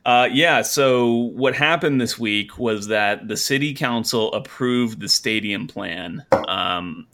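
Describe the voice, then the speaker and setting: A man with a fairly low voice and a bright, forceful tone co-hosts a casual sports podcast. He rambles through his stories with lots of "uh"s and restarts. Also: slow pace, few pauses, a little hiss or hum. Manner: rambling, lots of fillers and restarts, laughs often. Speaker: podcast co-host.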